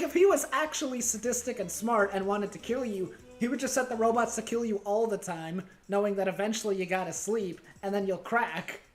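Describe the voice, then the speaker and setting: A woman's voice: medium pitch, a little mellow. A woman streaming a game, telling a long, rambling, bemused story with frequent laughs. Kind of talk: casual stream commentary.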